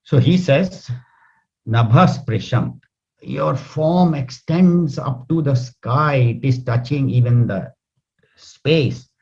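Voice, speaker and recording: A man talks through scripture verses line by line, pausing to act out the quoted speakers. His voice sits at an ordinary middle pitch. The recording sounds a bit dull and lo-fi. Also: a little mellow. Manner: explains verses slowly, acts out quotes with rising voice. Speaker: spiritual teacher. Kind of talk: scripture commentary talk.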